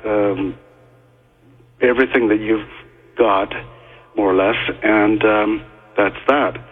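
A man talking as a guest on a call-in radio show, halting and full of fillers and restarts, heard over a phone line. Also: fairly low pitch, fairly even intonation, slightly rough.

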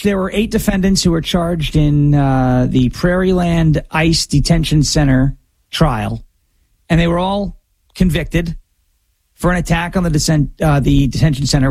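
A man's voice: fairly high pitch, a little mellow, dry recording. A man hosting a political opinion show, delivering a sarcastic, emphatic monologue. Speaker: political talk host.

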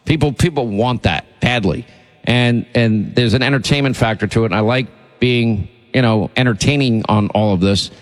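A man's voice: mid-range voice, normal speed. Male radio host, blunt and indignant, rambling commentary with some room reverb. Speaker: radio talk show host.

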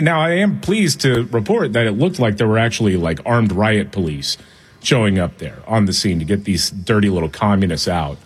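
A man delivering opinionated talk-radio commentary. He is blunt and sarcastic. His voice sits low with a husky edge, and he speaks into a studio microphone. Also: animated, moderate pace. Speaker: radio talk show co-host.

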